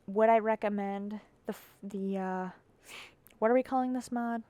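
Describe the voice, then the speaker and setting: A woman's voice: mid-range voice, steady tone, normal speed, mellow, dry recording. A sleepy woman vlogging casually about her keyboard, rambling and giggly, poking fun at herself. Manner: rambling, giggly, self-mocking.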